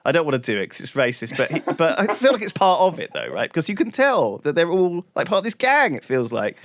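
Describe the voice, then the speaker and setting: Young dude rambling thru a story, lively voice, dry close mic. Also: male voice, a little high, fast, dry recording. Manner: rambling, full of "like" and restarts. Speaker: podcast co-host telling a travel story. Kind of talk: casual podcast chat.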